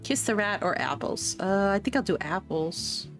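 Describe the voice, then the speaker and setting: A woman streamer chats casually while playing, in a middle-pitched, easygoing voice. Soft game music plays faintly under her talk. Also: lively intonation, moderate pace. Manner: chatty, reads game dialogue aloud in voices. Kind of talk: casual gameplay commentary.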